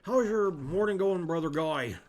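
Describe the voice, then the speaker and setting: A man's voice: animated, slight background noise. A man voicing a pompous, cocky young lawyer who is also a monk, in a raised, theatrical voice. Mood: chummy. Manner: theatrical, raised pitch, loud and quick.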